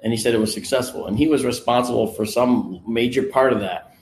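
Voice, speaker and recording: A man's voice: mid-range voice, fairly quick, slight background noise. Guy telling a wild story, acts out all the quotes, mid voice, roomy echo. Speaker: guest recounting a personal experience. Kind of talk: casual storytelling. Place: on location, indoors.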